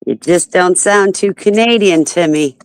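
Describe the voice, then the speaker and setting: A woman's voice: on the low side, unhurried, clear, resonant tone, dry recording, rough recording. A woman hosting a casual group chat, teasing her guests and laughing often. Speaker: host of an open chat panel.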